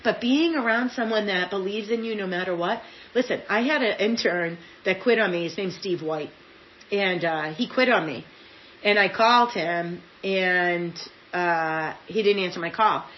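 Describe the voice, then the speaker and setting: A woman's voice: medium pitch, normal speed, a little hiss or hum. A middle-aged woman from Massachusetts, an interview guest telling motivational stories emphatically and acting out the voices of people she quotes. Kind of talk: motivational storytelling in conversation. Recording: echoey room, slightly dull sound, faint ambience.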